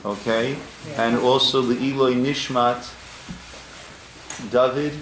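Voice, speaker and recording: A man who is a rabbi leads a Torah class and recites prayer line by line, speaking in an unhurried way and often repeating words as he restarts phrases. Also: mid-range voice, flat delivery, a crowd in the background. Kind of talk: teaching and leading prayer line by line. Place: synagogue classroom. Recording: roomy room with group murmur.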